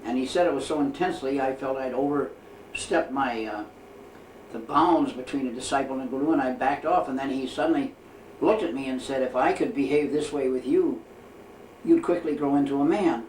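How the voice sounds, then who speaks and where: Soft-spoken man telling a story in an echoey room. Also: medium pitch, distant mic. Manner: measured storytelling, quoting dialogue, frequent pauses with "uh". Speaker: interviewee recounting life with his guru. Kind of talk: reflective spoken memoir. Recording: echoey room, voice from off the mic, faint ambient noise.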